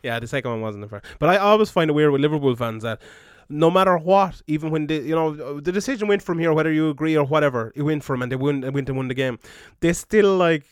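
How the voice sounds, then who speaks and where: A man's voice: a little high, quick pace, few pauses, smooth, no echo, studio quality. A man co-hosting a podcast, blunt and sarcastic, swearing freely in casual banter. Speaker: podcast co-host.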